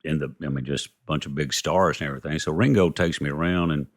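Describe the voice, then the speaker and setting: Deep-voiced man telling stories. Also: steady tone, fast talker. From Texas. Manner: rambling, retells dialogue with "I go" and "he goes". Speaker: interview guest. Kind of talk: casual anecdotal storytelling.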